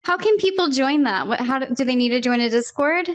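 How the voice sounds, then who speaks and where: This English woman co-hosts a relaxed podcast, full of curious questions and small giggles. Her voice sits high. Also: fairly quick, dull audio. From Britain. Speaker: podcast co-host. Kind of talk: casual chat.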